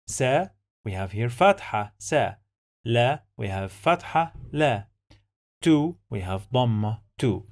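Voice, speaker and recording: A man's voice: mid-range voice, lively intonation, takes it slowly, a little mellow. A man teaching an Arabic reading lesson, repeating each word and syllable patiently while he explains every rule. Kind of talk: slow, patient language lesson.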